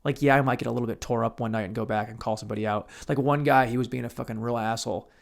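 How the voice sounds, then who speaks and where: A young man hosting a solo podcast, telling rambling, profane stories and breaking into sudden loud outbursts. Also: mid-range voice, steady tone, racing, gravelly. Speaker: podcast host.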